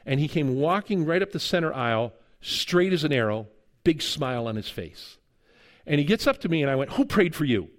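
A man's voice: a little high, animated, fairly quick. Middle-aged guy pastor telling a story in a sermon, chatty, does the voices. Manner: conversational, acts out dialogue in the stories.

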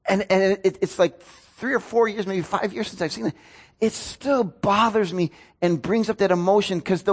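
A man's voice: high-pitched, lively intonation, normal speed, a bit bright. A man, a pastor preaching a sermon in an earnest, storytelling way. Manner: earnest, storytelling with rising emotion.

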